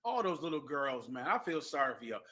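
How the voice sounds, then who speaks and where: Lively high-voiced male co-host. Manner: animated, quick to laugh along. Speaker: radio show co-host. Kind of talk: casual chat.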